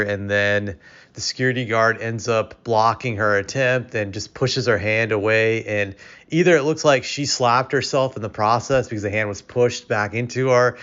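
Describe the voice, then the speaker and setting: Low-voiced man, opinionated rambling. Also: fairly bright tone, clear, resonant tone. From United States. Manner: opinionated, rambling with repeated restarts. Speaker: commentary vlogger. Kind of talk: casual opinion commentary. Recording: dull lo-fi recording.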